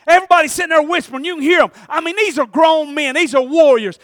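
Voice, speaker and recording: A male pastor delivers a fired-up sermon, swinging between shouts and near-quiet asides while calling for amens. His voice sits unusually high for a man and rings bright. The sound is dry and close, with no room echo. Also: quick pace. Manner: animated, call-and-response, shouting then dropping quiet.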